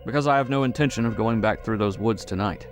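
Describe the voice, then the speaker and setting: A man's voice: lowish voice, a little fast, faint music behind, lightly acted. A man voicing a tough, resentful backwoodsman who answers curtly and angrily. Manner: curt, angry.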